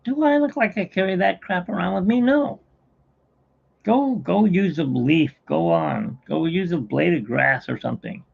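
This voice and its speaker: A man voicing an exasperated male field worker in a joke, shrill, bossy and scolding. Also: very animated, fairly quick, gravelly, breathy edge, narrow, tinny audio, exaggerated voice. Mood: impatient.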